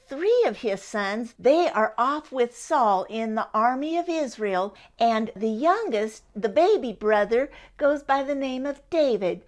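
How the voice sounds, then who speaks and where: An older woman, telling a Bible story for children in a homespun, animated way. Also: high-pitched. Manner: homespun, animated, acts out the characters.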